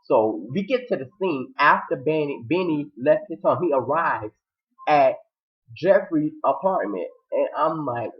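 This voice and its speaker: Male reviewer, excitable recap delivery, jumps into shrill character voices, muffled lo-fi audio. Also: measured pace. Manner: acts out characters' lines with sudden high-pitched outbursts. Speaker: TV episode reviewer. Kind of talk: animated recap commentary.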